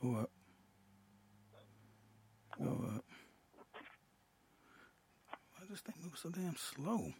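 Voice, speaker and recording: A man's voice: a little high, big pitch swings, slow pace, pauses often, a little mellow, a little hiss or hum. A man hosting a profane livestream rant, heated and laughing often, who trails off as he fiddles with his computer. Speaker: show host, military veteran.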